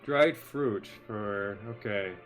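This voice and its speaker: A man running a tabletop game as game master over a video call, relaxed and a bit distracted as he narrates. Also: lowish voice, takes it slowly, soft background music.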